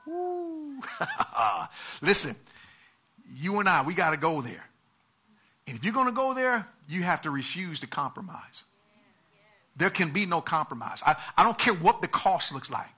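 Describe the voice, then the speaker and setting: A man delivers an animated sermon in a high, strikingly bright voice. He repeats words as he goes, slips into the characters of the story, and builds to loud, emphatic peaks. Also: moderate pace, breathy edge. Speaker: preacher.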